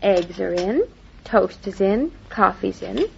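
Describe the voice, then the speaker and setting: An actress playing a merry young wife in an old radio drama, briskly directing her husband. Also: mid-range voice, animated, gravelly, a little mellow, breathy edge, muffled recording, exaggerated voice. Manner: brisk, chirpy, ordering about.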